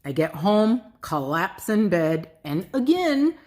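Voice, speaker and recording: A middle-aged woman telling a personal spiritual story in a casual, animated way, swearing freely and using lots of fillers. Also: medium pitch, slow pace. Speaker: spiritual vlogger.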